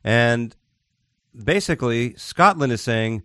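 A man's voice: lowish voice, animated, a little fast, dry recording, clean studio sound. A man co-hosting a podcast in casual chat, rambling and joking. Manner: rambling, jokey, puts on silly voices. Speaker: podcast co-host.

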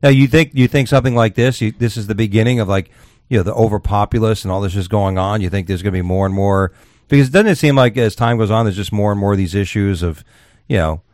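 A man hosting a casual talk show, reading odd news stories aloud with crude jokes and halting restarts. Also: fairly low pitch, a little mellow, dry recording, clean studio sound.

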